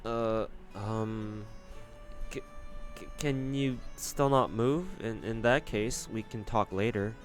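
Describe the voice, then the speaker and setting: Brief: man voicing a shy, nervous little fairy, quiet and stammering, faint music. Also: lowish voice, slow pace. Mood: timid. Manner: soft and stammering. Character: timid young fairy afraid of being useless. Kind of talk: reading game dialogue aloud.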